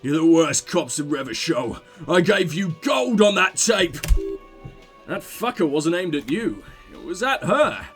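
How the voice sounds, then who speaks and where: A man voicing a gruff, hot-tempered burly union boss in a video game who keeps cursing in angry outbursts. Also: a little high, sing-song, measured pace, faint music behind.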